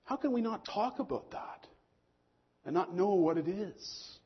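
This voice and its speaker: A man preaching a sermon to his congregation as pastor, swelling on key lines and dropping low and slow for emphasis. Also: expressive, breathy edge, dull audio.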